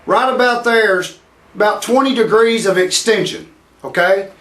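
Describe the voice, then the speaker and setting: A man's voice: high-pitched, a little slow, fairly bright tone. A man talking to camera in a casual instructional way, earnestly explaining step by step, often restarting and checking in with "okay.". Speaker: vlogger demonstrating grip training. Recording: roomy echo, mic at a distance.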